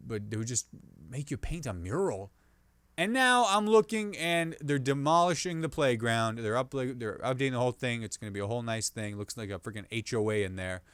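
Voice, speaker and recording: A man hosting a comedy podcast, riffing on the news in a rambling, animated way and restarting jokes mid-sentence. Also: medium pitch, clear, resonant tone, no room sound.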